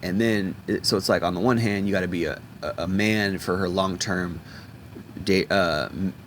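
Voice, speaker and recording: A man's voice: sits low, fairly even intonation, normal speed, a little hiss or hum. A man delivering a blunt, profane ranting monologue, often restarting and repeating himself. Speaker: video commentator.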